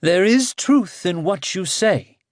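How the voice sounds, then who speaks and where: A jittery, superstitious rogue whines his worries in a voice pitched well above the reader's own , as a man puts him on. He is dismal and easily frightened, and the slow, dry studio read keeps every quaver close. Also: expressive, no room sound. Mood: gloomy. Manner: dismal and fearful, voice climbing high. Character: fretful, superstitious male sea rogue.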